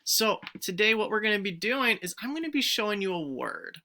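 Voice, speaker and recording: A woman teacher giving a recorded phonics lesson to young pupils, stretching out each word sound clearly and encouraging the children to join in. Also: mid-range voice, big pitch swings, brisk, bright, forceful tone. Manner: encouraging, speaks directly to children.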